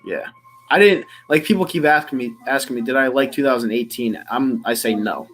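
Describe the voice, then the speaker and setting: A man's voice: mid-range voice, brisk, fairly bright tone, faint music behind. A man hosting a live stream, chatting casually and rambling with easy laughs. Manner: laid-back, rambling, laughs easily. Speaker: stream host.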